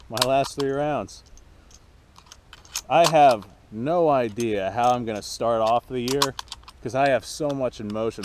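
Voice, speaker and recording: A man's voice: medium pitch, noisy background. A man hosting his own firearms channel, chatting casually and rambling to camera while out at a shooting range, swearing freely.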